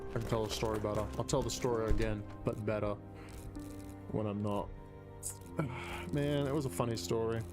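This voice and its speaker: A man's voice: lowish voice, fairly even intonation, moderate pace, long pauses, over music. A man live streaming, casually telling a story while gaming, rambling and swearing a lot.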